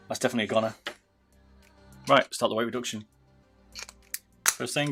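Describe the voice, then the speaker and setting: A man's voice: on the low side, steady tone, fairly quick, pauses often, fairly bright tone, soft background music. A British man chatting casually with viewers on a livestream while soldering, calling people "mate". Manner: chatty, talks to viewers, says "mate" a lot. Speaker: livestreamer modding gaming mice.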